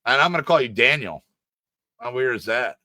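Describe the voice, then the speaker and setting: A man's voice: medium pitch, animated, a little fast, sharp tone. A man co-hosting a casual live-stream chat, jokey, laughing easily and chiming in often. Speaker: co-host.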